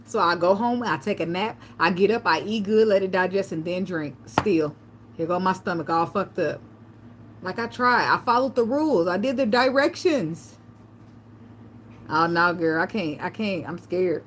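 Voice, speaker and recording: A woman's voice: lowish voice, animated, normal speed, a bit bright. Black lady rambling and cussing on her stream, laughs a lot, bit of hiss behind. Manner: loose, profane storytelling with frequent laughter. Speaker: vlogger. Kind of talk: casual livestream chat.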